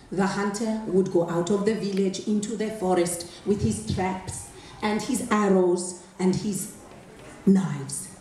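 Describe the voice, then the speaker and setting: A woman telling a folktale live in rhythmic, expressive, repeating phrases. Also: mid-range voice, slight background noise. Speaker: storyteller. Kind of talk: live oral storytelling. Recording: echoey hall from far off, faint ambience.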